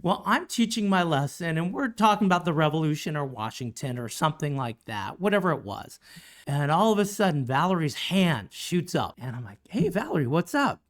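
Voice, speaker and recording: Woman, middle-aged, teacher podcast co-host, chatty storytelling, teasing, slightly low voice. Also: expressive, a little fast. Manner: chatty, teasing, puts on voices for quoted people. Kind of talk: casual storytelling chat.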